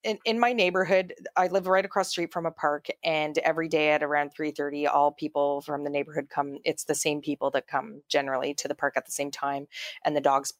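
A woman's voice: sits low, level tone, a little fast. A woman chats casually on a podcast, rambling through stories with frequent fillers and restarts. Her voice sounds dry and close, with no room echo. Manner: chatty storytelling with many fillers and restarts. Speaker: podcast co-host. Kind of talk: casual chat.

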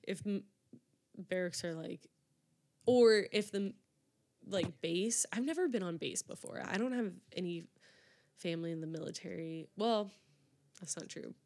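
A woman's voice: lowish voice, unhurried, pauses often, a little mellow. A young woman hosting a solo podcast, chatting casually and rambling with lots of fillers and restarts. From United States. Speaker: podcast host.

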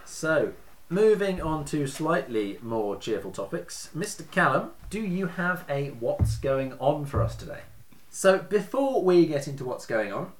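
A man hosting a casual podcast, telling stories in a chatty way and laughing often. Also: on the high side. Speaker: podcast host.

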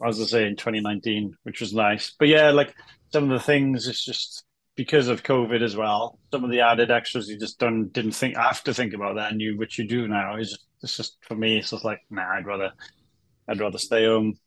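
A man's voice: fairly low pitch, fairly quick, no echo. A man from Wales, a guest in a casual interview, telling stories in a chatty, joking way. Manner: chatty, jokey, animated storytelling.

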